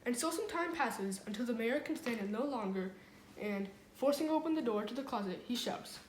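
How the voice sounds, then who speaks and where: A woman reads a comic short story aloud in a fairly high voice, livening it up with quick switches into the characters. She sits well back from the microphone in an echoey room with a faint hum behind her. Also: expressive. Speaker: reader. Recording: echoey room, far from the mic.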